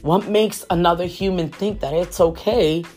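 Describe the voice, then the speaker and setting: A woman's voice: on the low side, normal speed, darkish tone, soft background music. A woman in her forties hosting a faith podcast, talking earnestly and repeating phrases for emphasis. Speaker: podcast host.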